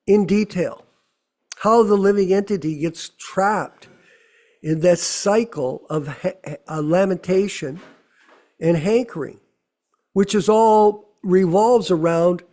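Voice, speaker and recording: A man's voice: sits high, a little mellow. A middle-aged man giving a conversational sermon, full of rhetorical questions. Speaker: temple speaker.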